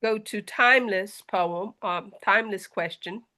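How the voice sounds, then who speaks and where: A woman from South Carolina moderating a video-call discussion, brisk and organizing, with joking asides. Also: medium pitch, bright, forceful tone. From South Carolina, USA. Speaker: host and moderator.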